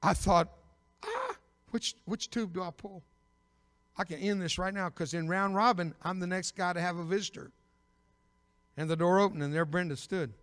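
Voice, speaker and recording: Older guy preaching his life story in a church, kinda high voice, loud punchy bits and dry jokes, big echo. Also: fairly even intonation, a little fast, clean tone. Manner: storytelling with bursts of loud emphasis and dry humor. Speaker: evangelist. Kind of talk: preaching a testimony sermon. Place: church sanctuary. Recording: long reverb of a big church.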